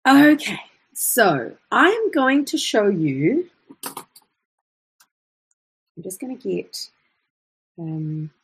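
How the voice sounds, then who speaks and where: A woman's voice: mid-range voice, big pitch swings, very slow, pauses often, slightly rough. A woman teaching an online voice lesson, explaining in a chatty way with fillers and self-corrections.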